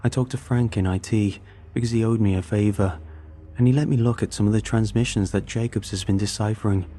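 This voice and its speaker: Restless young crewmate, voiced by a man, chatty and urgent, warm tone. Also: fairly low pitch, steady tone, a little fast, natural voice.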